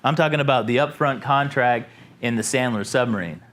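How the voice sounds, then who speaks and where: A man, a company president, giving an informal sales training talk to a room, animated and asking the audience questions. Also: mid-range voice, fairly quick. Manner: animated, acts out customers in a raised voice.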